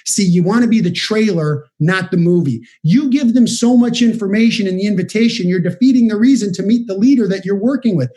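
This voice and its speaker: High-voiced energetic male business trainer. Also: fairly quick, hardly any pauses. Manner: energetic, direct, coaching the audience. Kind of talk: motivational training talk. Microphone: video call setup.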